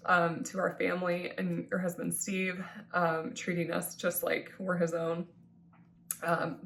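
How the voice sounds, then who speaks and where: A woman's voice: fairly low pitch, vocal fry, fairly bright tone, slight background noise. A woman in her thirties giving a heartfelt, tearful thank-you in a personal vlog, with many ums and restarts. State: tearful, crying at times. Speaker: vlogger thanking supporters.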